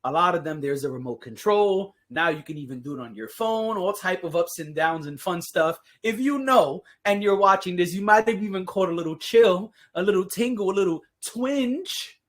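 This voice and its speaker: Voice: medium pitch, expressive, normal speed, hardly any pauses. A podcast host chatting casually on their own, full of playful jokes, sarcastic asides and frequent laughs. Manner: laughs often while talking. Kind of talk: casual solo podcast talk.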